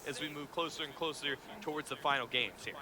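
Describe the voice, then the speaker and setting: A man casting an esports match, animated and joking with his co-caster. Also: fairly high pitch, fast talker. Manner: animated, jokey banter with co-caster. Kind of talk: esports color commentary. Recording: broadcast with crowd noise.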